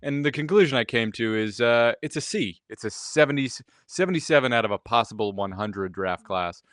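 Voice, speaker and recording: A man's voice: mid-range voice, lively intonation, fairly quick, a bit bright, no room sound. Chatty man in a dry room. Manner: loose, chatty, many fillers. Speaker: podcast co-host. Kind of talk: casual sports podcast chat.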